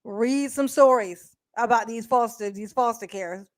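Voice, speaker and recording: A woman doing casual live-stream commentary, blunt and profane, chatting directly with her viewers and breaking into quick laughs. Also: a little high, no room sound, studio quality. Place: indoors at home.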